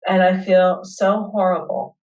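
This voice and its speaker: A woman hosting a webinar, leading listeners through a guided tapping session with slow, soothing affirmations. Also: on the low side, steady tone, a little mellow, distant mic, poor audio.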